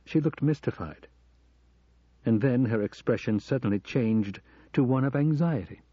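A man narrates a thriller novel in a measured, steady storyteller's voice. His tone is mellow and the sound is dry and close. The recording has a dull, lo-fi band. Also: mid-range voice, slightly rough, no room sound. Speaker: audiobook narrator. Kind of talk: scripted narration.

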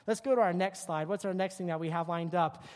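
A youth pastor giving a joking, animated sermon to a group of kids, working through slides and poking fun at teen habits. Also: medium pitch, a little fast. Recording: long hall reverb.

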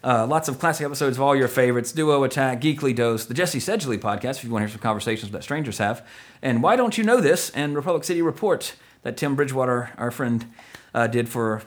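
A man's voice: mid-range voice, expressive, fast talker. Guy hosting a podcast, jokey and rambly, keeps restarting sentences. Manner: rambling, joking, self-correcting. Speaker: podcast host. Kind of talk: casual podcast chat.

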